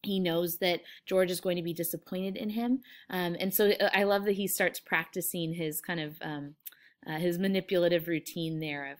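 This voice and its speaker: A woman's voice: fairly low pitch, steady tone, moderate pace. A woman English teacher reading a novel aloud and explaining it to her students, with frequent fillers.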